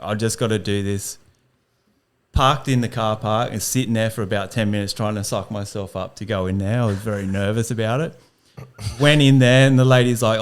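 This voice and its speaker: A man's voice: lowish voice, clear, resonant tone. A young man, a podcast guest, telling a self-deprecating story and laughing through it. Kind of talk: casual storytelling.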